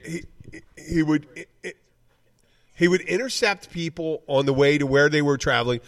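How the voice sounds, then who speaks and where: A man hosting a loose podcast in a slightly high voice. He rambles through his stories, full of restarts and casual swearing. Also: moderate pace. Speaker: podcast host.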